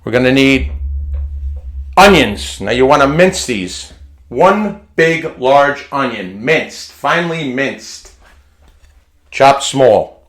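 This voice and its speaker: A man walks through a home recipe in his kitchen. He takes his time and talks in a relaxed, unhurried way, folksy and chatty. He often repeats words and restarts phrases, in a mid-range voice. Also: mid-range voice. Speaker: home cooking vlogger. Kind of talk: casual cooking demonstration.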